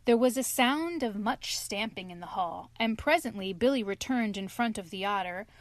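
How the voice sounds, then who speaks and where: Woman storybook narrator, mid-pitched, measured and even, dry close sound. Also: no room sound.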